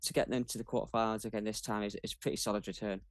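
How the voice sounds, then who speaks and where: Measured man talking football. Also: on the low side, flat delivery, no echo. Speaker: guest pundit. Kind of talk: casual sports chat.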